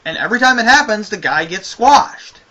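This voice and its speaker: A man's voice: high-pitched, animated, a little fast, pushed and bright, highs cut off. A man giving a casual spoken review of a wrestling show, ranting with exasperation and a lot of swearing.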